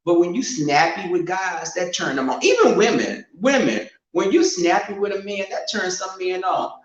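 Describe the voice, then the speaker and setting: A man telling casual stories at home, animated and loud when he quotes people, in an echoing room. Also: normal speed. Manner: animated, swings loud and high when quoting. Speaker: storyteller. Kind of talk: casual storytelling. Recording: roomy home echo, muffled sound.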